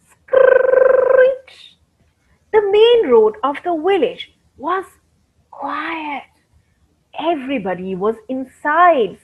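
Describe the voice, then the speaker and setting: A woman reads a storybook to children in a high, lively voice, and she speaks to them directly. She takes her time over the words. The recording is dull and lo-fi. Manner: animated, addresses the children directly. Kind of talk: storybook reading for kids.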